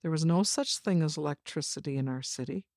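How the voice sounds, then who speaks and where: Low-voiced woman reading a memoir. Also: darkish tone, no room sound, studio quality. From China. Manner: measured, reflective storytelling. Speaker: narrator of a personal story. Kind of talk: first-person memoir reading.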